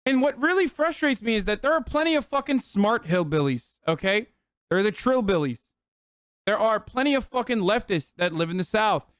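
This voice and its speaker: A man's voice: high-pitched, sing-song, brisk, a bit bright, smooth, no room sound, clean studio sound. A man streaming live, reacting to clips with a heated, profane rant.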